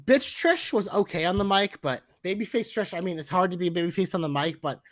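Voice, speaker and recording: Excitable podcast guy, high bright voice, super dry sound, chats and swears casually. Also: quick pace, no room sound. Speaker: podcast host. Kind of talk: casual wrestling podcast chat.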